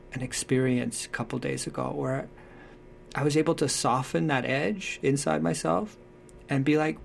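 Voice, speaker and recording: A man talking earnestly about parenting in a relaxed conversation, acting out what parents and children say. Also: medium pitch, creaky. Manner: acts out quoted voices, thoughtful and earnest. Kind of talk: conversational advice talk.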